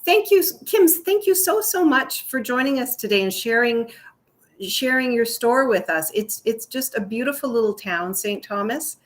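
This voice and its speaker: A woman's voice: fairly high pitch, animated, moderate pace. A woman hosting a casual live-stream chat, bubbly and effusive, laughing often. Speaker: host.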